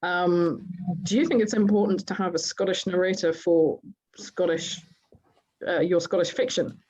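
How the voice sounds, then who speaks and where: A woman's voice: on the low side, steady tone, moderate pace, a little mellow. Woman hosting a book fest chat, jokey, kinda muffled lo-fi audio. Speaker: moderator. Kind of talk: hosting an online festival chat.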